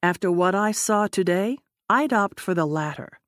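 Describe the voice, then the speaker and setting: A woman's voice: mid-range voice, lively intonation, moderate pace, no echo, clean studio sound, close to an everyday voice. Woman reading as an awed young intern. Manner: wondering, soft-spoken.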